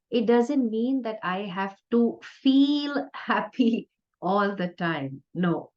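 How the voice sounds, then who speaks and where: Slow-spoken woman giving a spiritual talk. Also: medium pitch. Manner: conversational, playful, with soft laughs. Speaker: spiritual teacher. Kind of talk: spiritual discourse. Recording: dull lo-fi recording.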